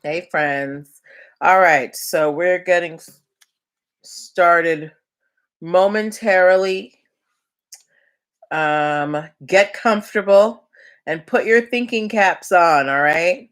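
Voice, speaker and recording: A woman's voice: on the low side, takes it slowly, long pauses, fairly bright tone. A middle-aged woman hosting a live online show, talking casually and explaining business and legal topics straight to her viewers. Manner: chatty, teaching, addresses viewers directly. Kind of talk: casual live-stream talk.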